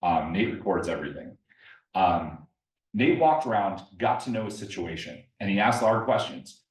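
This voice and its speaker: A man's voice: low-pitched, expressive, normal speed. Man telling stories to a live audience. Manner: storytelling, addresses the audience directly with questions. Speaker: guest presenter at an investor meetup. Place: meeting room with a live audience. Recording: echoey room, mic at a distance.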